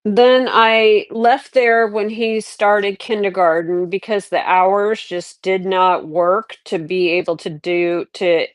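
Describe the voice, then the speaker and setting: A woman's voice: mid-range voice, fairly even intonation, takes it slowly, few pauses, no echo. A middle-aged woman hosting a livestream, chatting candidly and rambling through her life story. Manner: rambling, candid, reflective, many restarts. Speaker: livestream host. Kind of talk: casual livestream chat.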